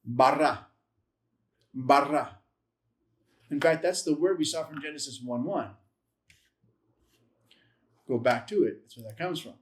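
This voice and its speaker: A man's voice: a little high, lively intonation. Patient man sounding out letters. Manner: patient, sounds out letters slowly and repeats them; self-correcting, lightly humorous asides. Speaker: Bible Hebrew teacher. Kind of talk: classroom-style language lesson.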